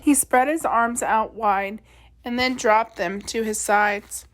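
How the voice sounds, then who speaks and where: A woman teacher reading a children's novel aloud in a steady, expressive storytelling voice. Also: on the high side, slow.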